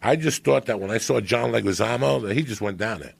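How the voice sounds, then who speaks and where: A middle-aged man, telling profane street stories on a podcast, swinging between loud bursts and hushed asides. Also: mid-range voice, fast, vocal fry, heavy background noise. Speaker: comedian guest. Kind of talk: storytelling podcast chat.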